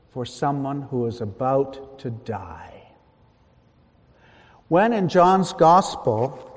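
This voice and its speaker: A man preaching a sermon in a large church hall, measured and emphatic, with long pauses. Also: on the high side, a little mellow.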